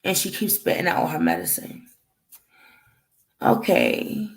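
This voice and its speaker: A woman's voice: fairly low pitch, huge pitch swings, measured pace, vocal fry, low-quality recording. A woman telling a painful family story to the camera in a rambling way, acting out the dialogue and fighting back tears. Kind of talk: emotional personal storytelling.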